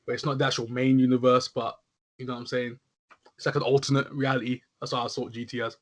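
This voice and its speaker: A man's voice: mid-range voice, little pitch movement, fast talker. A young man chatting casually, rambling with lots of filler words as he talks. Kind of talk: casual chat.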